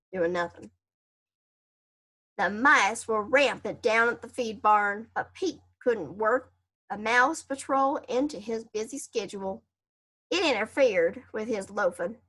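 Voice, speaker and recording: A woman reading a children's chapter book aloud in first person, expressive, with casual asides to listeners. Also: fairly high pitch. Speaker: storybook reader.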